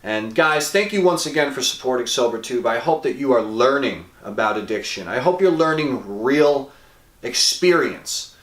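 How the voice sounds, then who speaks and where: A man hosting a show, speaking earnestly to the camera and speeding up or slowing down for emphasis. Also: mid-range voice, lively intonation, fairly bright tone. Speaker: host. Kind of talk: earnest direct-to-camera talk. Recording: roomy echo.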